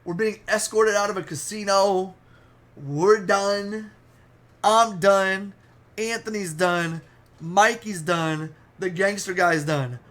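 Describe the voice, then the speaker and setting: A young man excitedly telling a wild story in a casual, profane, animated way. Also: sits high, takes it slowly. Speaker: storytime vlogger.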